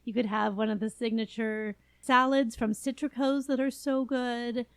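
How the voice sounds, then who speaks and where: Chatty woman with a gravelly edge. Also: fairly high pitch, fairly even intonation, normal speed, no room sound. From California. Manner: chatty, enthusiastic, laughs often. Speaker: podcast co-host. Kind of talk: casual chat.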